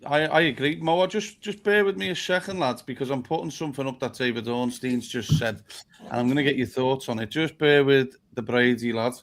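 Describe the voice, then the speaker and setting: A man's voice: mid-range voice, a little fast, a bit bright. A blunt, foul-mouthed man hosts a live fan talk show. He chats casually and reads viewer comments aloud, his voice sitting in a middling register.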